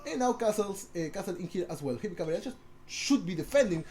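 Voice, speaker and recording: A man casting a strategy game on a live stream, excitable, talking to his chat, often restarting and repeating words. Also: sits high, fast, slight background noise.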